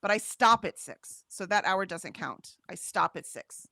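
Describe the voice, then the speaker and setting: Female stream co-host, chatty, reads comments aloud; animated, bright delivery. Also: medium pitch, a little slow, vocal fry, no echo, clean studio sound. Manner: reads chat comments aloud, chatty, laughs often, trails off. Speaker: livestream co-host reading chat. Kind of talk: casual livestream chat.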